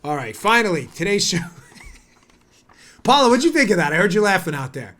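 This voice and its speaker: A middle-aged male talk show host with a high, bright, forceful voice. He talks in an animated way, acting out little scenes and dropping quick asides. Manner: animated, acts out mock scenes, rapid asides.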